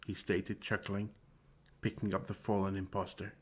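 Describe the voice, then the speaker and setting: Male storyteller, lower pitch, calm read-aloud for children. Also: normal speed, husky.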